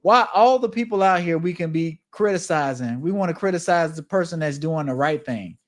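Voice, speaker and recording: A man's voice: on the high side, animated, fairly quick. A man co-hosting a casual talk show, earnestly arguing his point and defending others. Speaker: podcast co-host.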